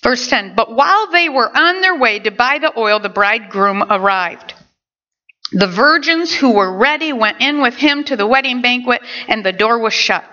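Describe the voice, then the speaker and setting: A woman pastor preaching a sermon in an animated way, with quick asides to her congregation. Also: on the high side. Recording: dull lo-fi recording.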